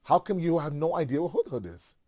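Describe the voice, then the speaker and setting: A man's voice: fairly high pitch, very animated, brisk, warm tone. A man voicing a stern prophet-king who gives orders to his birds. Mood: commanding. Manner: giving orders.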